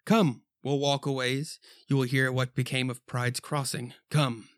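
A man's voice: mid-range voice, little pitch movement, measured pace, no room sound, studio quality, lightly acted. A man reading the lines of a mysterious stranger dressed in black in a horror comic. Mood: beckoning.

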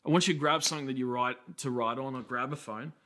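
A pastor in his thirties with an Australian accent preaches a sermon, telling his stories conversationally with fast asides. His pitch is medium and his tone sharp.

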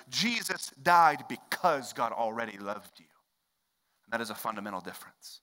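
A man preaching a sermon as pastor, swinging between loud, emphatic stretches and hushed, quiet ones. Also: mid-range voice, lively intonation, normal speed. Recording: long hall reverb.

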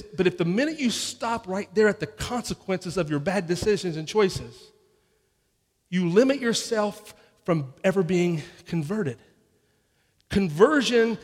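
A man's voice: sits high, long reverb tail. A man pastor preaching a sermon in a conversational way, often restarting and acting out people's inner voices.

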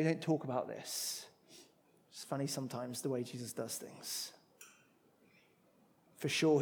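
Male preacher, sermon, fairly high voice, emphatic then hushed. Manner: expressive, shifts from loud emphatic to hushed.

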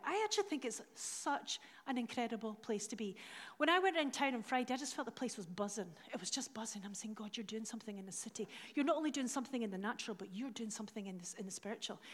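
Chatty Scottish woman telling stories in a hall. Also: fairly high pitch. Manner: chatty, self-mocking storyteller, acting out dialogue. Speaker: church leader speaking from stage. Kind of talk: anecdotal sermon talk. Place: large church hall. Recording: live hall with long reverb.

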